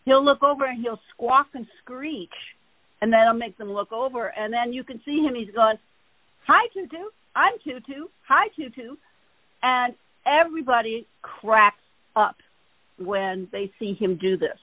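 A woman hosting a casual chat, telling rambling, animated stories. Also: fairly high pitch, moderate pace, dry recording. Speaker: host. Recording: tinny phone-like line.

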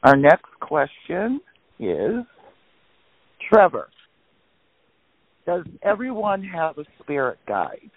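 A man co-hosting a call-in show, reading out listener questions in a relaxed way. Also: a little high, takes it slowly, long pauses. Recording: tinny phone line.

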